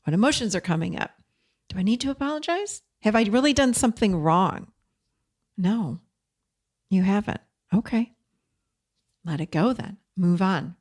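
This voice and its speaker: A woman's voice: mid-range voice, expressive, moderate pace, long pauses, darkish tone. A woman hosting an advice podcast, talking in an earnest, direct coaching way and mixing in personal stories. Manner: chatty, frequent "you know". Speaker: podcast host and codependency coach.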